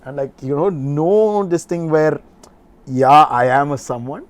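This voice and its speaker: A man, a podcast guest telling an animated story, laughing often and swearing casually. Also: a little high, a little slow.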